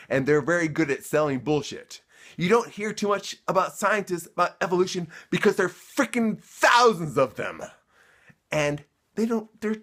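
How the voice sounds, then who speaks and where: A man's voice: fairly high pitch, a bit bright. Fired-up man ranting to camera. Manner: worked up, emphatic, repeats himself when heated; sarcastic. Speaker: vlogger. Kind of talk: heated rant to camera.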